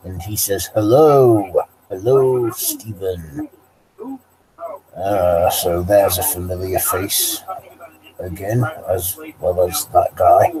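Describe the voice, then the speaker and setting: A man's voice: sits low, takes it slowly, a crowd in the background, low-quality recording. A man hosting a casual livestream, reading chat messages aloud and chatting with frequent ums and restarts. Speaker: livestream host. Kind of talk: casual live-chat commentary.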